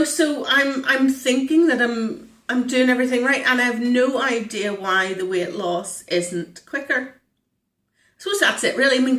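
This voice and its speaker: A woman, vlogging casually, slightly hoarse and stuffy-nosed, rambling with lots of fillers. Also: fairly high pitch, a bit bright, reverberant, distant mic. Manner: chatty, rambling, frequent fillers. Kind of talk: casual diet vlog.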